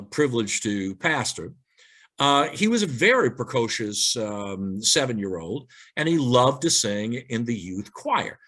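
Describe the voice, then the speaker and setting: A man's voice: medium pitch, a bit bright. A male pastor telling funny stories and reading church signs in a light-hearted sermon, acting out the characters as he goes.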